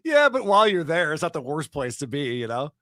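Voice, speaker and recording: Male co-host, wry and deadpan, dry studio sound. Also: a little high, fairly quick, dry recording. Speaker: podcast co-host. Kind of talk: casual chat.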